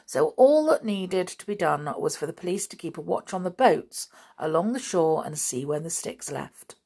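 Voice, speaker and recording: A woman reading a children's novel aloud in a steady storytelling manner. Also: lowish voice, moderate pace, slightly rough. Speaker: narrator.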